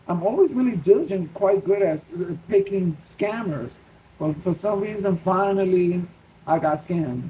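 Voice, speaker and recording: A man with a New York accent tells a story to his viewers, animated and full of restarts as he replays his own worried thoughts. His voice sits high for a man, with a mellow, soft-edged tone. Faint noise hangs under the recording. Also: unhurried, poor audio. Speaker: Christian vlogger. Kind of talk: casual personal storytelling.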